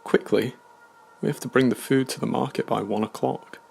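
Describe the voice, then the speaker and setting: A man voicing a brisk, urging teenage older brother in a horror story reading. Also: medium pitch, steady tone, gravelly, darkish tone, husky.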